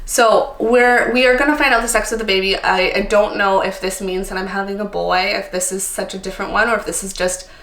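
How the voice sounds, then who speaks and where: A woman's voice: mid-range voice, fairly even intonation, fairly quick, hardly any pauses, fairly bright tone. Chatty tired woman in an echoey room. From Canada. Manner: chatty, frequent ums and likes, candid. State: tired, a little emotional. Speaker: vlogger. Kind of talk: casual chat to camera.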